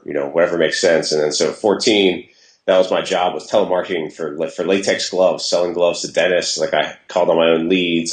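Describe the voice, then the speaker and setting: Man, very low voice, casual rambling storyteller, echoey room. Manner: rambling, self-deprecating, frequent restarts. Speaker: interview guest, entrepreneur. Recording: roomy echo.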